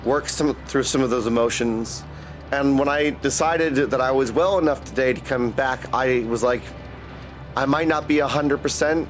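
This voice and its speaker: A man streaming a game, chatting casually and greeting viewers by name in an upbeat way. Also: mid-range voice. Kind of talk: casual livestream chat. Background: game music.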